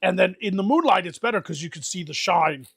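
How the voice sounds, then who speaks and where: A man's voice: sits high, expressive, fairly quick, creaky, fairly bright tone, breathy edge, dry recording, clean studio sound. A man rambling through crude, comic adventure stories in an improvised role-play livestream. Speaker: game master and player.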